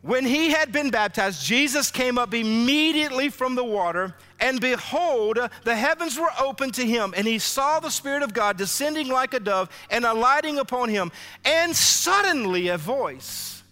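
A man preaching a lively sermon as pastor, acting out biblical dialogue for his congregation in church. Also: very high-pitched, moderate pace. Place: church sanctuary. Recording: live hall reverb with faint music.

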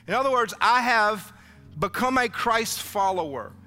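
A man preaching a lively sermon as pastor, acting out biblical dialogue for his congregation in church. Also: high voice, unhurried. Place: church sanctuary. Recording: live hall reverb with faint music.

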